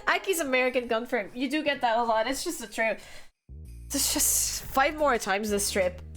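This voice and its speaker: A woman's voice: high-pitched, big pitch swings, normal speed, soft background music. A young woman from France chatting casually on a livestream, giggly and laughing often. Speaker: streamer.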